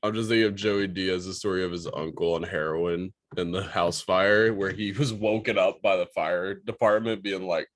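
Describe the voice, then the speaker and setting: Man, low voice, laid-back, chiming in on a podcast. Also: steady tone, moderate pace. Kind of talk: casual podcast chat.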